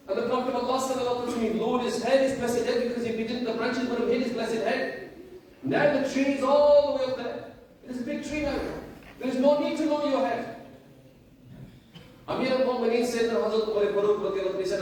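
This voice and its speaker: A man with a very high voice tells a moral story as a sermon, asking question after question and repeating key lines. He is heard from a distance in a strongly echoing room. A faint noise runs underneath. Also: fairly even intonation, fast talker, pauses often, a little mellow. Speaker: preacher.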